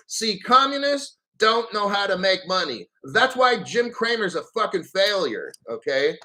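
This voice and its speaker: A man's voice: high voice, big pitch swings, a little slow, hardly any pauses, bright, forceful tone, poor audio. A man hosting his crypto channel, ranting in a gleeful, mocking and profane way. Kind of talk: ranting vlog commentary.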